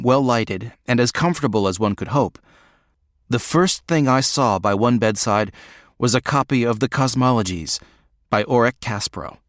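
A man narrating a first-person novel in a measured, reflective way. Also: lowish voice, dry recording, studio quality. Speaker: audiobook narrator.

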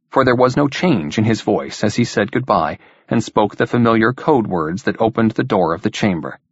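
A man narrating an audiobook in a steady, even reading manner, in a dull lo-fi recording. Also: fairly low pitch, slightly rough, dry recording.

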